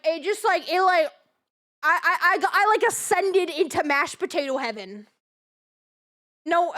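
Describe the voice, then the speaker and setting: Very high-voiced excitable young woman. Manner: rambling, excitable, swears freely, repeats herself. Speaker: streamer. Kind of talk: casual live-stream chat.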